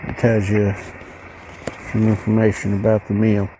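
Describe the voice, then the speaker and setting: A man hosting a casual unboxing video, musing aloud in a slow, rambling way as he goes through a ration pack. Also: fairly low pitch, monotone, warm tone, slight background noise, low-quality recording. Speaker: channel host reviewing ration packs.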